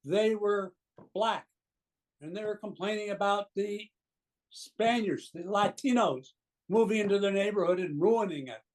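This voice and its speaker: A man in his seventies giving an earnest, indignant political opinion as a pundit guest, with halting restarts. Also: high-pitched, rough recording. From United States. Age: 70s. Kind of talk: impassioned opinion commentary.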